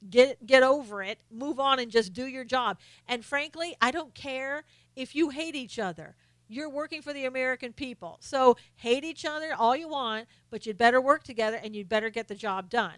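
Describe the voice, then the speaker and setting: A woman hosts a political commentary live stream and gives blunt, scolding opinions point by point. Her voice is higher than most, bright and forceful, with a smooth, crisp clarity. The recording is dry, with no room sound. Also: normal speed, no room sound. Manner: blunt and opinionated, answers viewer comments by name; scolding, lists points one by one.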